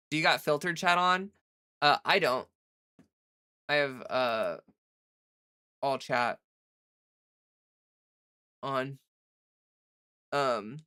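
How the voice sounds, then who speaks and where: A woman hosts a casual livestream from home, chatting loosely, using "like" a lot, and answering her viewers' chat. Her voice is extremely low in pitch yet fairly bright in tone.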